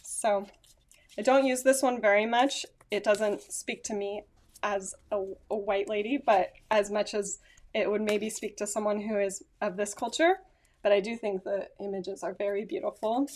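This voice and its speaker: A woman's voice: mid-range voice, fairly even intonation, moderate pace, darkish tone. Chatty woman vlogging on a phone. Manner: chatty, rambling, self-correcting with small laughs. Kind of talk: casual chat to camera. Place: at home, indoors. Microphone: phone camera.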